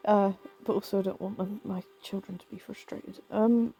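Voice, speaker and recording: A woman in her thirties with vocal fry, tired from lack of sleep, chatting casually and rambling with lots of fillers while playing a video game. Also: mid-range voice, steady tone, normal speed, mellow, faint music behind. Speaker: game streamer. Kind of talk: casual let's-play commentary.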